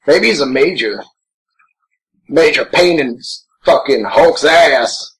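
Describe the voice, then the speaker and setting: A man's voice: fairly high pitch, slow, poor audio. A man voicing a gigantic, grouchy green monster as co-host of a crude, rambling in-character watch-along commentary. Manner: crude, brash and rambling, swears a lot.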